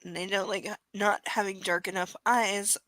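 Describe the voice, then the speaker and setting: A woman's voice: medium pitch, steady tone, moderate pace, bright, forceful tone, no room sound. A woman with an Ontario Canadian accent, hosting a live reading of a novel and chatting casually with viewers, swearing freely and making teasing asides. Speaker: livestream host reading a novel aloud.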